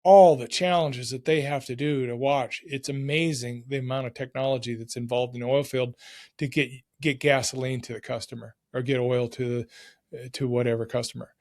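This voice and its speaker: A middle-aged man, a podcast guest, telling stories from his working life in a casual, excited and energetic way. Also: mid-range voice. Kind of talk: casual storytelling.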